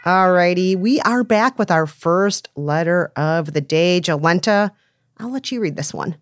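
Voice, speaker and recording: A woman's voice: on the low side, lively intonation, measured pace, noisy background. A woman co-hosting an advice podcast, chatting with empathy and emphatic repetition. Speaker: podcast co-host. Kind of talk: casual advice chat.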